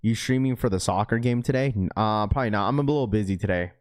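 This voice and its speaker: A man's voice: on the low side, fast talker. A man hosting a livestream in casual chat, reading out viewer comments in slangy talk and laughing often. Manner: slangy, keeps saying bro, reads viewer comments aloud; laughs often, loose and joking. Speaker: livestream host.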